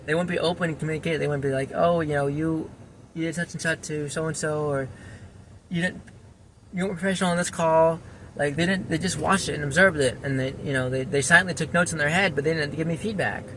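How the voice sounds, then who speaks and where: Man, casual vlog rant, frustrated and rambling, bright voice, faint vehicle hum behind. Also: fairly high pitch, fairly even intonation, quick pace. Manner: frustrated, rambling with frequent restarts. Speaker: former volunteer firefighter and EMT. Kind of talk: casual personal vlog monologue.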